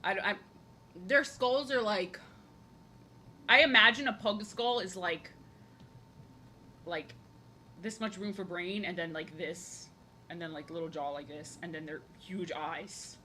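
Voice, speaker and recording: A woman's voice: on the low side, steady tone, a little slow, pauses often, bright, forceful tone, a little hiss or hum. A young woman chatting casually while drawing on a live stream, rambling along with lots of "like" and restarts. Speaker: art streamer.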